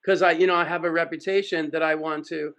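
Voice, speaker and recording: A man, a sales trainer, telling a self-mocking story in a playful, animated way during a video call Q&A. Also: fairly high pitch, quick pace. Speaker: sales trainer speaking at an online expo.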